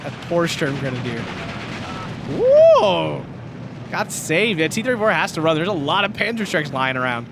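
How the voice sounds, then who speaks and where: Excitable high-voiced male game caster. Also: moderate pace, heavy background noise. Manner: excitable, laughs often, shouts at big plays. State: losing his voice. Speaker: tournament caster.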